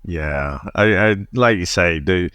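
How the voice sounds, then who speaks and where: A man's voice: low voice, expressive, takes it slowly, a bit bright, clean tone, no room sound. A British man co-hosting a podcast, mocking a film with laughing banter and swearing. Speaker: podcast co-host. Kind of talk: casual film review chat.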